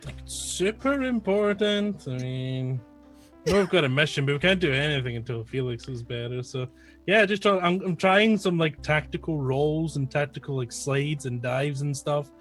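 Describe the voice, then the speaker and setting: A man's voice: a little high, animated, moderate pace, fairly bright tone, soft background music. A man casually describing his turn as a tabletop player, hesitant and full of fillers.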